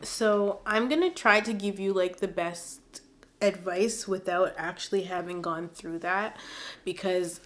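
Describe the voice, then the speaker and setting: Teary, expressive woman vlogger. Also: lowish voice, measured pace. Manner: emotional, expressive, many fillers. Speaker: advice vlogger. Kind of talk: casual chat reading viewer letters.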